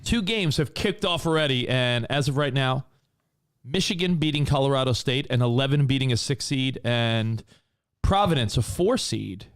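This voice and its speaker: A man co-hosting a podcast, telling stories in casual, animated banter. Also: medium pitch, normal speed, clean tone. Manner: animated storyteller. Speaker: co-host.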